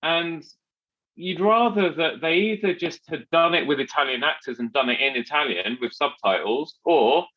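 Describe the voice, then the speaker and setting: A man hosting a podcast in relaxed, rambling chat, often restarting his sentences. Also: fairly high pitch, normal speed, dull audio. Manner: chatty, rambling with many restarts and fillers. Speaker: podcast host.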